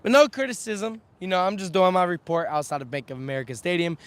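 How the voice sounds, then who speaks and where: A man's voice: high-pitched, fast talker, clean tone. A young man recovering from a slightly scratchy voice, talking energetically through a live sports recap outdoors on a windy day, speaking to a camera on a stand. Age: young adult. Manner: energetic, chatty, lists stats. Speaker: sports vlogger. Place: outdoors outside a stadium, windy.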